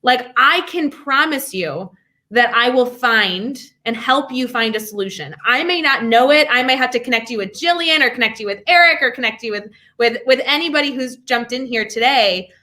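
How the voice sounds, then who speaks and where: An energetic young woman chatting as a guest on an educator podcast, with a bright, forward tone. She talks in a fairly high voice and tells lively stories with quick asides. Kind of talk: casual interview chat.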